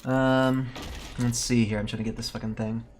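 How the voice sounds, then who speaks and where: A man's voice: mid-range voice, flat delivery, normal speed, a little hiss or hum. Profane ranting man streaming live. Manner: chatty, reads and answers chat. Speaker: game streamer. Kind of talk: casual live-stream chat.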